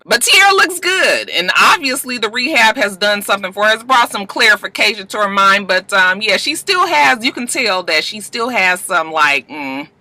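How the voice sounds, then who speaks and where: Chatty, very bright woman vlogger. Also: fairly low pitch. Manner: chatty, profane, addresses viewers directly. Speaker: vlogger recapping a reality show. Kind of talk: casual chat.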